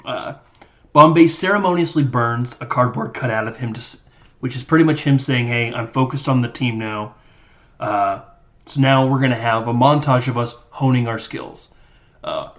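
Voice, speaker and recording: A man's voice: medium pitch, highs cut off. Man rambling through a film recap. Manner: rambling, animated, acts out movie lines in silly voices. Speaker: podcast host. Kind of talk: casual film recap chat.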